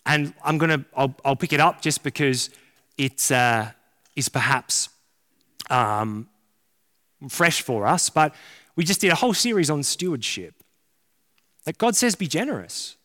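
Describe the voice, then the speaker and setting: A man's voice: a little high, animated, a little slow, long pauses, sharp tone. A man preaching a sermon as a pastor, casual and joking, full of slang. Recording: long hall reverb.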